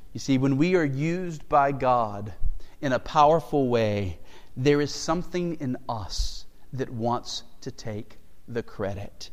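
A man's voice: medium pitch, in a large hall. A man preaching an expository sermon as pastor, earnest and emphatic, asking rhetorical questions.

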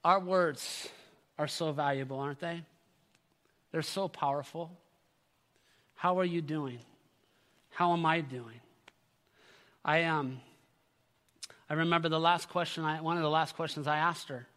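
High-voiced pastor preaching in a reverberant church. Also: male voice, fairly even intonation, unhurried, pauses often, fairly bright tone. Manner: earnest preaching, calls out to the congregation. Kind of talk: sermon. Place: church sanctuary.

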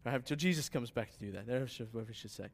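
A man preaching a sermon in a relaxed, conversational way, with asides to the congregation. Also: mid-range voice, fast talker. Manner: conversational preaching that rises to emphatic scripture reading. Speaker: pastor.

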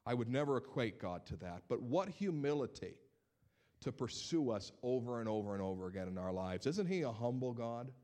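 A male pastor preaching a sermon, telling stories in an animated way and repeating words as he builds his points. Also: mid-range voice, brisk.

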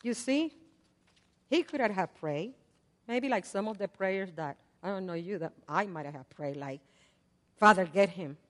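An older woman preaching a sermon in a conversational way. She swings between loud repeated prayers and soft asides. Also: mid-range voice, lively intonation, unhurried. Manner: conversational, with fillers and laughs. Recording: long hall reverb.

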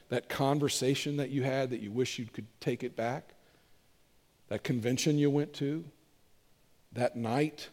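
A man preaching a sermon as pastor, moving between emphatic delivery and hushed, intimate appeals to the congregation. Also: medium pitch. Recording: long hall reverb.

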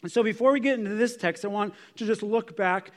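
A man's voice: sits high, a little fast. A man preaching a sermon in a conversational, explanatory way, with asides and restarts as he walks through scripture. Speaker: pastor.

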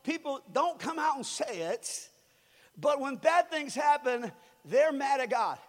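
Man, pastor, very high voice, joking conversational sermon, shouted peaks, long hall reverb. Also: expressive, unhurried.

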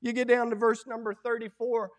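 A middle-aged man preaching a sermon as pastor, folksy and animated, acting out quoted lines. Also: extremely high pitch, a little fast.

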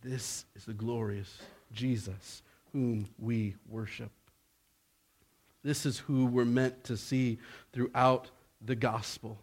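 Slow, deliberate male preacher. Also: steady tone, slightly rough. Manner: slow, deliberate preaching that swells in pitch and force on key points. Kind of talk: sermon.

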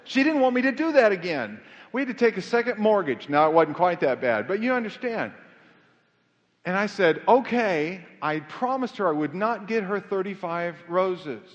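Middle-aged pastor, high voice, mixing jokes with urgent preaching in a reverberant church; sound a bit muffled. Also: male voice, big pitch swings, normal speed. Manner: conversational preaching with self-deprecating humor, rising to fervent emphasis. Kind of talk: sermon. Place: church sanctuary.

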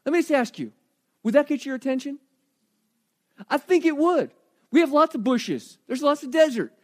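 High-voiced man preaching a sermon. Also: moderate pace. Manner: animated, questioning the congregation directly. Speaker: pastor.

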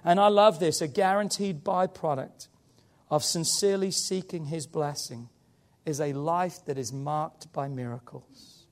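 High-voiced man preaching with passion. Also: a little slow. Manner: impassioned preaching, rising to emphatic peaks. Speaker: pastor. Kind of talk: sermon.

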